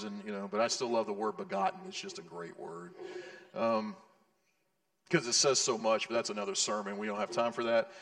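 A man preaching a sermon with a gravelly edge to his middle-pitched voice. He talks earnestly and conversationally and drops in casual asides. The sound carries the long reverb of a church hall. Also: animated, quick pace, fairly bright tone. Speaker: pastor.

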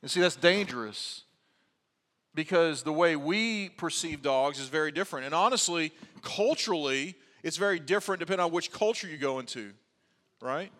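A man preaches a sermon in a high, clear voice, mixing careful teaching with wry, joking asides. His words ring out with a long reverb in a church sanctuary. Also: expressive, moderate pace, a bit bright. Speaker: pastor.

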